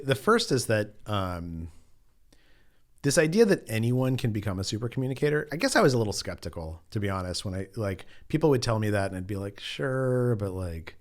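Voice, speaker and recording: A middle-aged man, an author being interviewed, telling a story in an animated, chatty way with lots of casual fillers. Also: fairly low pitch. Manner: animated storyteller, acts out quotes, frequent "like" fillers. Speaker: author and journalist guest.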